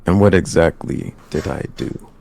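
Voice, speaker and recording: A man's voice: sits low, lively intonation, unhurried, gravelly, darkish tone, exaggerated voice. A man voicing a proud young noble who fiercely defends his family, speaking in defiant, cutting retorts.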